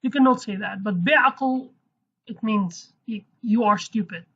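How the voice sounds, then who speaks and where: A woman's voice: mid-range voice, unhurried, a bit bright, slightly rough. A woman teaching a language lesson in a casual, chatty way, often correcting herself and adding playful asides. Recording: dull lo-fi recording.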